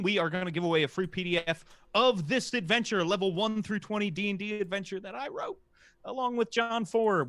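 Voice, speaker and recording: A man narrating a tabletop game as game master, halting and full of filler sounds. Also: high voice, fairly bright tone, no room sound.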